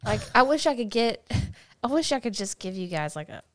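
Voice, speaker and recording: A woman's voice: on the high side, big pitch swings, brisk. A woman co-hosting a podcast in casual chat, teasing and laughing often while telling stories. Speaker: podcast co-host.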